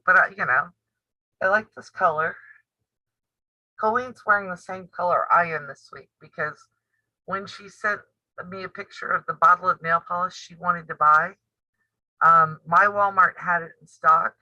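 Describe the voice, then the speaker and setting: A woman in her fifties chats live with her viewers, blunt and teasing, laughing often. Her voice is very bright and sharp. It sounds dry and a little dull, like a modest home mic. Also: on the low side, no echo. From United States. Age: 50s. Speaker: sewing and quilting channel host. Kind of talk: casual live-stream chat.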